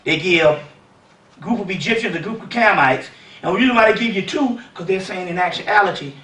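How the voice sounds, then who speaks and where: A man delivers a seminar lecture in a lively, conversational way, often asking the audience if they follow. His voice sits high and sounds bright and sharp. The recording is roomy, and the mic is set back from him. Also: brisk, recorded from a distance. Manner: animated, keeps asking "you see what I'm saying".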